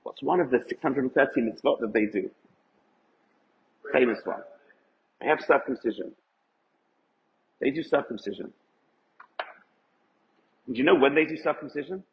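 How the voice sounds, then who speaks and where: A rabbi's mid-range voice carries at a moderate pace, with frequent pauses and slight background noise, as he gives an emphatic Torah lecture and questions his audience. The event hall sounds echoey and the recording dull and lo-fi.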